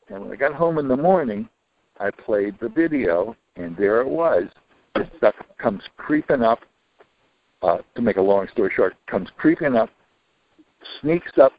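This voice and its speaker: A retired older man telling a long personal story in an interview, rambling with many restarts and dropping into low, muttered asides. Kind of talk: casual storytelling. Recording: dull lo-fi recording.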